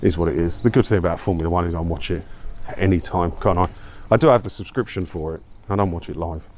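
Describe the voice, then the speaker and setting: A very low-pitched man chatting casually to camera as he walks uphill outdoors. His talk rambles from one thing to the next, loose and self-mocking, with faint outdoor noise behind him. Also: fast. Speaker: vlogger. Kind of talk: casual walking vlog chat. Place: outdoors, walking up a hill.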